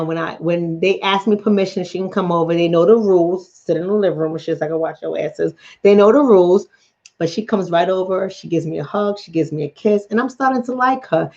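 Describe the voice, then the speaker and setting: A middle-aged woman from the Bronx with a New York accent, a relationship coach telling stories bluntly and profanely on a late-night stream. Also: on the low side. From the Bronx, New York City. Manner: blunt, profane, animated storytelling. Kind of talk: late-night livestream chat. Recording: dull lo-fi sound.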